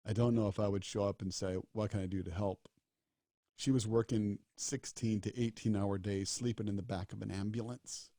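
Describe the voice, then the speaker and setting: A man's voice: lowish voice, fairly even intonation, moderate pace, mellow, no room sound, studio quality. A middle-aged man, a doctor, telling stories in an earnest way and acting out the dialogue. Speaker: disaster doctor and speaker. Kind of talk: storytelling talk.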